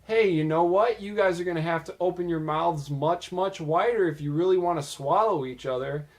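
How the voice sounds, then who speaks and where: A man's voice: on the high side, moderate pace, voice pushed up, close to an everyday voice. A man voicing a small, naive cartoon creature, with innocent, blunt quoted lines. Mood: teasing.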